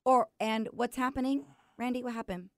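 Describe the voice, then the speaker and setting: A woman's voice: a little high, moderate pace, no echo. A woman hosting a podcast in casual chat, telling stories and teasing her husband. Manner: chatty, teasing, storytelling. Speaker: podcast host.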